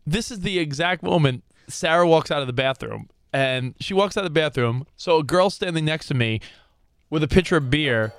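A man's voice: a little high, moderate pace, smooth, no room sound. A man with a New Jersey accent telling a story in a casual chat, acting out what people said. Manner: animated storyteller, acts out quotes.

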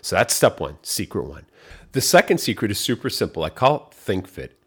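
A man's voice: on the low side, very animated, a little fast, a bit bright, husky. A man hosting a podcast, giving an upbeat motivational coaching talk and repeating his key phrases. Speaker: podcast host.

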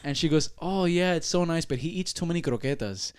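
Brief: young male co-host, quick and expressive, pitched a bit high. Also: smooth. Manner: animated storytelling, swearing, acting out voices. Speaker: podcast co-host. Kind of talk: casual chat.

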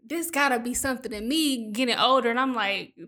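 A woman chatting candidly in a heart-to-heart conversation, telling stories in an animated way. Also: a little high, brisk. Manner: chatty, animated storytelling, many likes.

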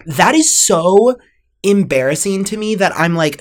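A woman's voice: fairly low pitch, animated, normal speed, darkish tone. A young woman co-hosting a podcast, talking casually with many fillers and an exasperated, ranting manner. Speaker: podcast co-host. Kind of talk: casual chat.

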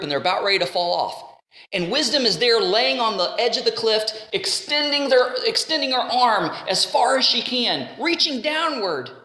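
Bright-voiced woman teaching scripture. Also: on the high side, reverberant. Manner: earnest, conversational, pleading at times. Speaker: Bible teacher. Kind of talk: informal Bible teaching.

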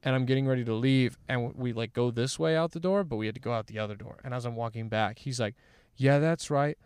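Young man, smooth voice, rambling chat. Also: medium pitch, quick pace, darkish tone, no room sound, clean studio sound. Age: young adult. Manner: rambling, swearing, heavy use of "like". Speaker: guest, former college athlete. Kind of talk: casual storytelling chat.

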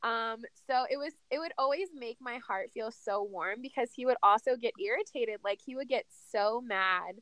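A woman's voice: a little high, normal speed, few pauses, a bit bright, dry recording. A woman co-hosting a casual sports chat, talking in a profane, emphatic and petty way. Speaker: podcast co-host.

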